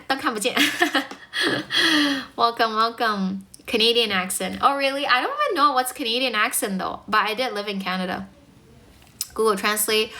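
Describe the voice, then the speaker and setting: A woman's voice: on the high side, sharp tone. A woman from China with a mostly American accent, a chatty English speaking teacher who greets viewers and laughs easily on a live stream.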